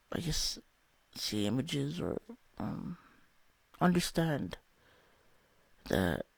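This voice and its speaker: A man's voice: on the high side, vocal fry, darkish tone, no echo. A young man telling a candid, rambling personal story about a spiritual experience, swearing often. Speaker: vlogger.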